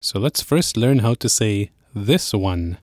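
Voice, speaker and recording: A man hosting an audio language lesson, explaining words in a clear, steady way and slowing down on key phrases. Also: fairly low pitch, no room sound, clean studio sound.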